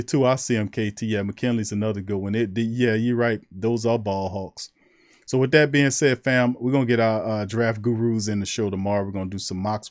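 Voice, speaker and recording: Low-voiced New man hosting a stream. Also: a little mellow, no echo, clean studio sound. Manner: loose, slangy, reads chat names aloud. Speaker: sports livestream host. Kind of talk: casual livestream chat.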